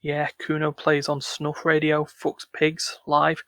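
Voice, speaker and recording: A man reads out a crude, menacing teenage boy who swears at every turn, in a slightly high voice. The reading is dry and close, with no room sound. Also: monotone, slow, a bit bright, dry recording. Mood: taunting. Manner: crude, taunting, swears constantly. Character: foul-mouthed aggressive teenage boy, menacing.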